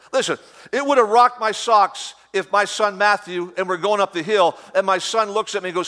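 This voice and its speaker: A man's voice: high voice, normal speed, hardly any pauses, pushed and bright. Fervent repeating male preacher. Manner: fervent, emphatic repetition. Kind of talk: sermon.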